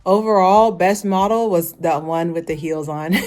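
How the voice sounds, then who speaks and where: A woman's voice: mid-range voice, expressive, moderate pace, a little mellow. A woman in her thirties giving a casual, rambling review, full of "like" and frequent laughter. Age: 30s. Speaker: fashion show reviewer.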